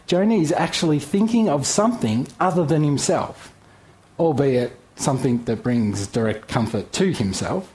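Animated man teaching a Bible passage. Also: fairly high pitch, normal speed. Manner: playful, animated storytelling with jokes and asides.

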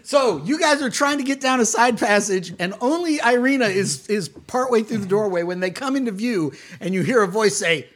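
A man narrating a tabletop game as game master, playful and quick to laugh. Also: high-pitched, lively intonation, fairly bright tone.

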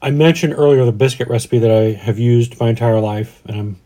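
Mellow-voiced man in his forties, rambling. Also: mid-range voice, fairly quick. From Denver, USA. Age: 40s. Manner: rambling, restarts often, reflective. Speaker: podcast co-host. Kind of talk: casual chat.

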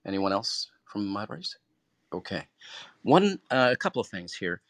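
Man, room host, motivational talk, earnest, encouraging, low voice, dry close sound. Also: sing-song, moderate pace, a bit bright, no room sound. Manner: earnest, encouraging, repeats key phrases.

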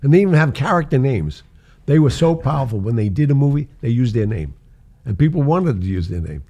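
A muffled recording captures an older man with a mid-range voice speaking fairly quickly. He tells casual show-business anecdotes, acting out the quoted voices and laughing frequently.

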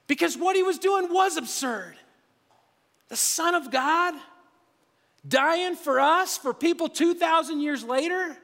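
A man preaching a sermon as pastor of a church, talking to the congregation in a lively, conversational way. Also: extremely high pitch. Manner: energetic, conversational preaching, drops to a hushed voice near the end. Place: church sanctuary. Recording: long reverb of a large hall.

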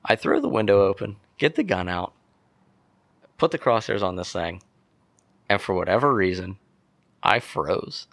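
Young male guest, gravelly low voice, dry close sound, animated storyteller from Pennsylvania. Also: normal speed, pauses often, dry recording. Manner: animated storyteller, acts out quotes. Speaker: podcast guest. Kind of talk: casual storytelling.

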